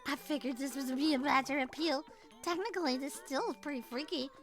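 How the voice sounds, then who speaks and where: A woman voicing a calm, literal-minded wish-granting servant girl with a deadpan, matter-of-fact delivery. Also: sits high, brisk, faint music behind, pitched below the performer's own voice.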